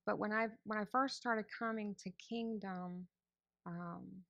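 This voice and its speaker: A woman's voice: medium pitch, steady tone, unhurried, gravelly, fairly bright tone, dry recording. A woman telling her personal testimony to a church congregation, candid and conversational, acting out her own past thoughts. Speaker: church member giving testimony.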